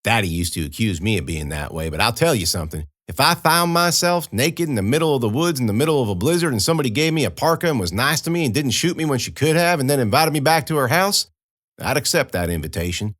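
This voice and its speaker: A man's voice: mid-range voice, lively intonation, quick pace, a bit bright, dry recording, studio quality. A man narrating a horror audiobook in the first person, telling it in a folksy, conversational way.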